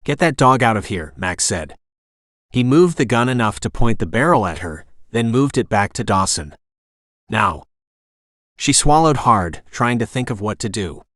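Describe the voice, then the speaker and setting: A man narrating an audiobook in a steady, even reading voice. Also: medium pitch, moderate pace, no room sound, studio quality. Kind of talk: scripted narration.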